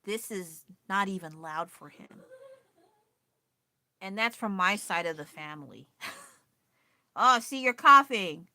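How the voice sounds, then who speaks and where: A woman's voice: fairly low pitch, takes it slowly, long pauses, sharp tone, no echo. A woman chatting casually on a livestream from home, ranting with frequent laughs and swearing. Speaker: livestreamer and painter. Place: at home with her child nearby.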